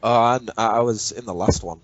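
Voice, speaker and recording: A man's voice: on the low side, a little fast, dry recording, highs cut off. A man with a northern English accent, a podcast guest talking casually and bluntly, swearing freely. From England. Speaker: podcast guest, former commissioner.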